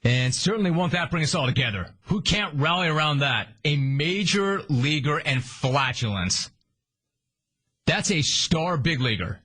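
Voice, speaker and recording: A man's voice: on the high side, lively intonation, a little slow, bright, forceful tone, slightly rough. A man hosting a sports talk radio show, sarcastic and emphatic in a punchy monologue.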